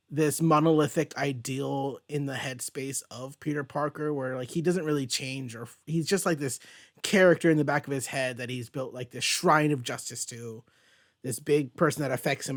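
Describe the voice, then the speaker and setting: A man's voice: a little high, dry recording, studio quality. A man hosting a casual comic book review chat, rambling and thinking aloud as he goes. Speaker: host.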